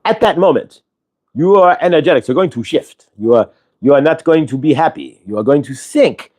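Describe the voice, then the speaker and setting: A man's voice: a little high, expressive, normal speed, a little mellow. A man hosting a spiritual livestream, speaking as a channeled collective "we" in a rambling, repetitive way and acting out everyday dialogue in quoted voices.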